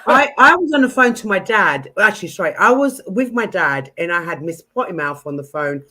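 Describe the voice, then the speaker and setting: A British woman hosts a casual stream. She has a bright voice with a very lively melody and keeps giggling as she tells stories. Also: mid-range voice, a little fast. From United Kingdom. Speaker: stream host. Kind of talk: casual chat.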